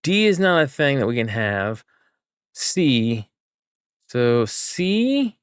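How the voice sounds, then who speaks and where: A man's voice: mid-range voice, very animated, slow pace, clean tone, dry recording, studio quality. A man streaming a game, chatting with viewers and thinking aloud as he works through a puzzle. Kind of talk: casual live gameplay chat.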